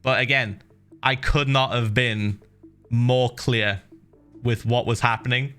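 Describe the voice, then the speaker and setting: A man hosting a livestream, telling a story in casual chat, animated and laughing, with swearing and many fillers. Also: mid-range voice, slow, smooth, faint music behind. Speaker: livestream host.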